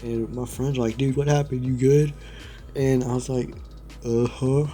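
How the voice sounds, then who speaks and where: A man's voice: mid-range voice, flat delivery, measured pace, dark tone. A young man telling a rambling story in a casual vlog, laughing often and saying "dude" a lot. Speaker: vlogger.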